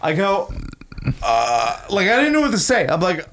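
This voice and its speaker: A man's voice: high voice, moderate pace. A young man co-hosting a podcast, telling a work story in casual chat and acting out the people in it. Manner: animated storytelling, acts out customers in a raised voice. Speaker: podcast co-host.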